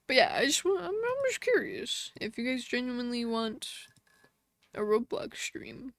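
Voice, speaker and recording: A woman streams live and chats casually with her viewers, laughing often as she reads their comments. Her voice sits fairly high and moves a lot in pitch. The sound is dry and close, with no room echo. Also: sing-song, normal speed. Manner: chatty, laughs often, talks to chat.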